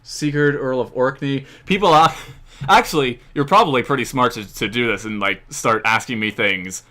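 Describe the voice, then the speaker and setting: A man's voice: mid-range voice, normal speed, sharp tone. An American man hosting a casual live-stream Q&A, rambling with many fillers and frequent chuckles. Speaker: history channel host.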